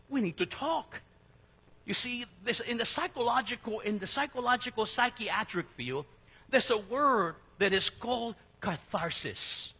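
A middle-aged man preaching a sermon as pastor in a church, talking in a casual, joking way with sudden drops to a hush. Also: sits high, slightly rough. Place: church sanctuary. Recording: long hall reverb.

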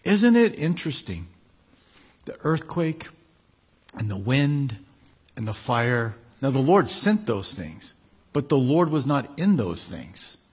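A man's voice: mid-range voice, sing-song, takes it slowly, long pauses, breathy edge. A man preaching a sermon, reading Bible passages and explaining them in a conversational way with casual asides. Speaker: pastor.

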